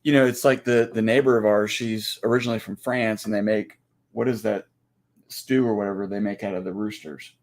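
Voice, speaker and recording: A man co-hosting a casual ranch livestream, talking in halting stops and starts. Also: fairly low pitch, fairly even intonation. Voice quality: halting, restarts a lot. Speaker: co-host. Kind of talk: casual chat.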